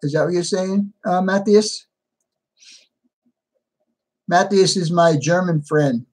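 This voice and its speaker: Speaking slowly in a high register, a male streamer works through his chat, greeting viewers by name and replying to their messages. There's a slight weariness to his casual hosting.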